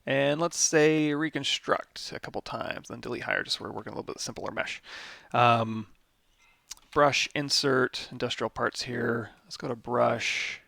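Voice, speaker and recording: Tired, gravelly man with heavy fry. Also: mid-range voice, fairly bright tone, dry recording, clean studio sound. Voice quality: vocal fry. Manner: rambling, thinks aloud while clicking through menus. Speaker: 3D modeling instructor. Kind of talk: live software tutorial.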